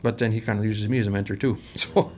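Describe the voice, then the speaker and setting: A man's voice: lowish voice, steady tone, quick pace, a little hiss or hum. A man, a company president, telling workplace stories in a rambling, casual interview style and acting out the quoted dialogue. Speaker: company president, podcast guest.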